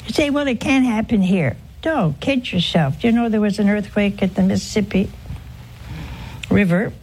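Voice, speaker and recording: In an informal religious broadcast, a woman tells a story earnestly and with emphasis, now and then dropping to a hush. Her pitch is medium, and there is slight background noise.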